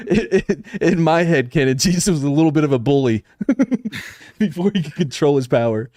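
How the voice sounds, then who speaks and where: Lively joking man hosting a podcast. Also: on the high side, normal speed, no echo, clean studio sound. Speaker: podcast host. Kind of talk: casual chat.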